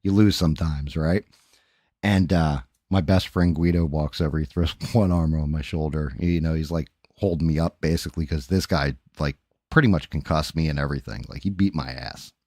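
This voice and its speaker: Livestream host, male, very low voice, dry close sound, profane animated storyteller with sound effects. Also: normal speed, dry recording. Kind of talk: casual storytelling chat.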